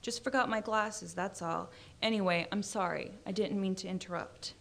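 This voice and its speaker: A woman's voice: mid-range voice, steady tone, normal speed, vocal fry, fairly bright tone. An offhand man drifts into the scene, apologetic and easygoing, as a woman reads his lines in her own voice. He talks casually, as if nothing much is at stake. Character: male stranger looking for his glasses, casual. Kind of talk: literary reading.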